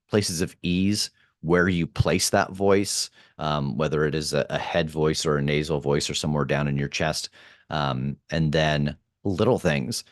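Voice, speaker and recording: A man's voice: very deep voice, no room sound, studio quality. A man who produces podcasts and acts, talking casually in an interview, thoughtful, with many fillers and restarts.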